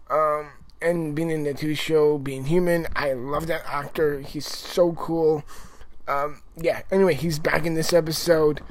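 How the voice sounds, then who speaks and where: Male TV reviewer, casual, excitable, rambling, full of fillers; voice sits a bit high. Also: dry recording, poor audio. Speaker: TV episode reviewer.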